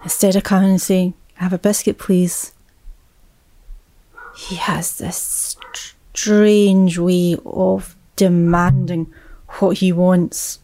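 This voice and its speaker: A woman, a mother, telling a personal story in a reflective way, often dropping to a hushed whisper. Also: medium pitch, dry recording.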